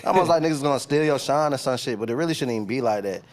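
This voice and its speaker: A man's voice: medium pitch, lively intonation, racing. A young man from Decatur, Georgia, a rapper guest telling stories in loose, profane slang during a casual interview.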